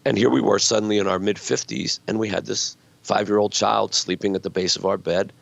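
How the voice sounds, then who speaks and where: Deep gravelly-voiced man, earnest author. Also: steady tone, a little fast. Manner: earnest, reflective storytelling. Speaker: author guest. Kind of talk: conversational interview. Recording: dull lo-fi sound.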